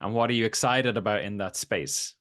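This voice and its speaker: A man's voice: fairly low pitch, a little fast, fairly bright tone. A man hosting a coaching podcast, welcoming his guest in a friendly, chatty way. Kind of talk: casual interview conversation.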